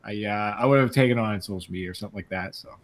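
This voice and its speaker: A man hosting a casual sports talk show, talking in halting bursts with many restarts. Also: on the low side. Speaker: podcast host.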